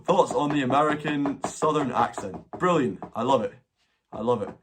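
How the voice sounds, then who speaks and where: A man's voice: mid-range voice, a little fast. A man with a Scottish accent hosting a casual livestream Q&A, rambling with many restarts and some swearing. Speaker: livestream host answering questions. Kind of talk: casual chat.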